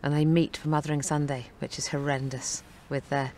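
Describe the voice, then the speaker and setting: A woman's voice: low voice, level tone, brisk, warm tone, a little hiss or hum. A woman speaking as an actress in a press interview about her film, chatty and good-humored. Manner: chatty and good-humored, often breaking into laughter.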